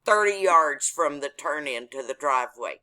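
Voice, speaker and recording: A woman's voice: sits low, expressive, normal speed, pushed and bright. A woman telling a story in casual chat, blunt and profane in manner.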